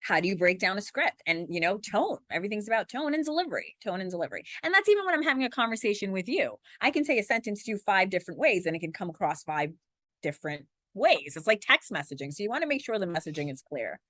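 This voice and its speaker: A woman in her forties, a TV journalist, talking fast and animated in an interview, acting out little scenes as she goes. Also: medium pitch, no echo, studio quality. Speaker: TV journalist and guest. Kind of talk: conversational interview.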